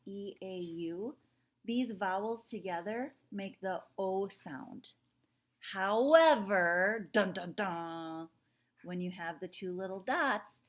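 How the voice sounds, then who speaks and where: French teacher woman checking in with "okay?". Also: medium pitch. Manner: talks straight to students, often checks with "okay?"; says sounds out slowly to model them. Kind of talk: recorded classroom lesson.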